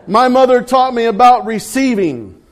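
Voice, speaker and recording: A man's voice: extremely high pitch, lively intonation, moderate pace. A man leading a casual sermon as pastor, playful and teasing with the congregation. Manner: playful, teasing, loose with restarts.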